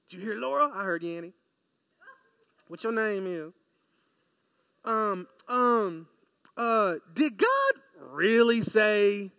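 A man's voice: extremely high pitch, bright, forceful tone, no room sound, clean studio sound, heavily acted. A man putting on a sly, casual, slangy voice for Satan sweet-talking Eve in a sermon retelling. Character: slick, sly male tempter Satan.

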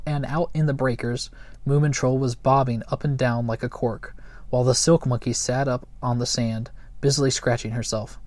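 A man reading a children's book aloud in a gentle, unhurried way, with small slips and chuckles. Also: mid-range voice, no room sound. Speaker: storyteller.

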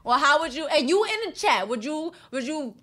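A woman's voice: sits high, sing-song, moderate pace, sharp tone. A young adult woman co-hosting a podcast, trading playful banter. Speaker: podcast co-host. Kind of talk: casual chat.

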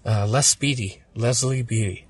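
A man's voice: medium pitch, moderate pace, breathy edge, no echo. A man originally from Germany, talking casually as a podcast guest, rambling and swearing through a personal story.

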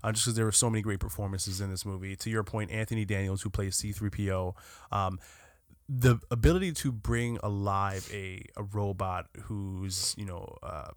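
A man with a fairly low voice, chatting casually about a film on a podcast. He talks with animation, swears freely and restarts his sentences often. The sound is dry and close. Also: fairly even intonation, normal speed, dry recording. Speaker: podcast co-host.

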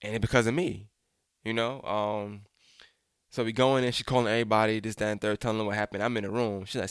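A man's voice: lowish voice, fairly even intonation, fast talker, smooth, dry recording, studio quality. A young man telling a personal story in a frank, casual way, swearing freely and speaking straight to his listeners. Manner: frank, profane, addresses listeners directly.

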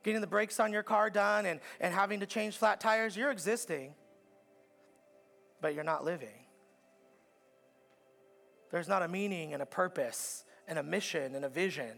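A man preaching with a high, gravelly voice, his phrases stacking up in earnest repetition. He speaks as a pastor addressing his church, while faint music plays underneath. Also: normal speed, long pauses, fairly bright tone. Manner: earnest, repetitive preaching cadence with rising emphatic builds. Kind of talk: sermon. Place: church auditorium.

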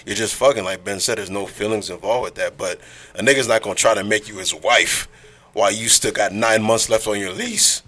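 A man's voice: fairly low pitch, fairly even intonation, brisk, sharp tone. A man co-hosting a podcast, laughing and crude in casual chat. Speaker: podcast co-host.

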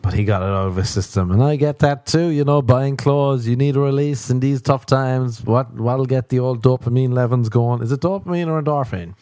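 A man's voice: mid-range voice, warm tone, no room sound. A young Irish man hosting a casual solo podcast, rambling and wry with plenty of swearing, talking from home. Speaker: podcast host.

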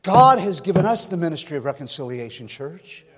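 Pastor, male, high-pitched, folksy sermon delivery, live hall reverb. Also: very animated, a little fast. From California. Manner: folksy preaching with stories and rhetorical questions.

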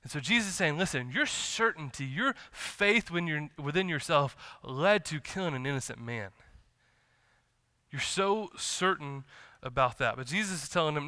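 A man's voice: on the high side, lively intonation, moderate pace, pushed and bright, clean tone, dry recording. A man preaching a sermon in church, talking conversationally and acting out the dialogue of the scriptures he quotes. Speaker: pastor.

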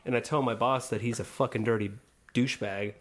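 A man's voice: mid-range voice, steady tone, fairly quick. Rambling man spinning a silly tale. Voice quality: rambling, meandering storyteller. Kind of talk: casual chat among friends.

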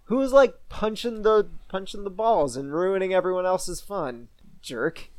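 A man's voice: sits high, a little slow, no echo. A young man co-hosting a podcast, talking casually with lots of restarts and frequent laughter. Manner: rambling, laughs a lot, many restarts. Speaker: podcast co-host. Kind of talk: casual chat.

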